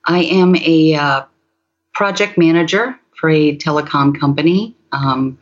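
A woman guest answering in a measured way with many pauses and fillers. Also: low-pitched, highs cut off. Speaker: podcast guest. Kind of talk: casual interview chat.

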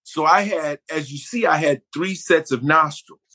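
A middle-aged man from Buffalo, New York, a guest actor telling a lively anecdote and acting out other people's voices. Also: on the high side, normal speed, breathy edge. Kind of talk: conversational storytelling.

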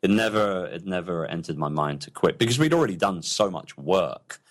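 A man's voice: deep voice, expressive, moderate pace. A man talking about his business as a guest in an interview, chatty and enthusiastic, often repeating words as he starts a sentence. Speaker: podcast guest, entrepreneur. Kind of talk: casual interview talk.

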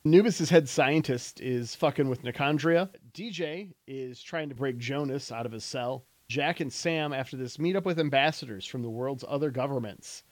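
A man's voice: medium pitch, moderate pace, few pauses, no echo. A man co-hosting a podcast, chatting casually and rambling through speculative guesses. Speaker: podcast co-host. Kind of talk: casual chat.

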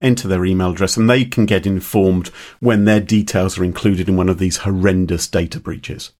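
A man's voice: deep voice, fairly even intonation, moderate pace, a little mellow. A man hosting a podcast in a playful, joking manner. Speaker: podcast host. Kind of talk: casual podcast chat.

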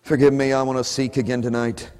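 Male preacher, fervent rhythmic pleading, hushed to shouted, recorded in a reverberant hall. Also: mid-range voice, level tone, fast, clear, resonant tone, soft background music. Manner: impassioned pleading prayer, swinging from hushed to shouted; repetitive, rhythmic calls. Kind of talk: sermon. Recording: echoey hall with long reverb.

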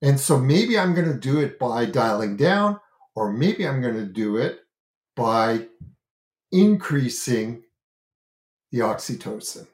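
A man's voice: mid-range voice, very animated, slow, long pauses, reverberant. A man explaining self-regulation on a talk show, earnest and thinking aloud with lots of fillers and restarts, gesturing with his hands as he talks. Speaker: parenting and self-regulation educator.

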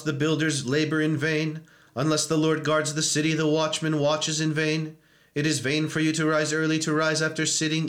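Monotone man intoning psalms. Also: fairly high pitch. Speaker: church reader and chanter. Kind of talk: liturgical psalm reading and chant.

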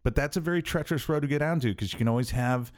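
A man in his forties co-hosting a casual podcast chat, telling stories and acting out quoted lines with big leaps in his voice. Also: very fast. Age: 40s. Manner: animated storyteller, acts out quotes with big pitch jumps. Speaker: podcast co-host.

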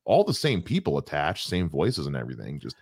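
A man's voice: rumbling low, wildly swooping pitch, brisk, gravelly, slightly rough, no room sound, clean studio sound. A young adult man co-hosting a podcast, chatting casually with a wry, rambling manner and many restarts. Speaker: podcast co-host. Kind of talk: casual chat.

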